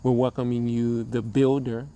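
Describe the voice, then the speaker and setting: A man co-hosting a relationship talk show, speaking in a measured, preacher-like cadence with long pauses. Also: mid-range voice, little pitch movement, mellow, muffled recording. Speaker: co-host, relationship coach. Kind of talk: slow motivational talk.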